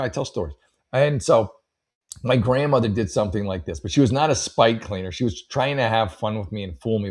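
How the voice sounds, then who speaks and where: A man hosting a comedy show, reading letters aloud and riffing with rambling, wry asides. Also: lowish voice. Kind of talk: casual comedic commentary.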